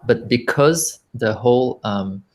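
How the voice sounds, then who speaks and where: A man's voice: medium pitch, animated, slow pace. A man guesting on a casual online panel, explaining his view earnestly with many filler words. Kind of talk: casual online group chat.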